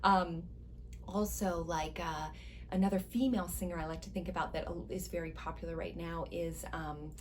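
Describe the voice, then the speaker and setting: A woman voice teacher giving a casual, encouraging singing lesson, chatting and now and then breaking into high sung slides. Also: fairly even intonation, normal speed, a little hiss or hum. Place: music school studio.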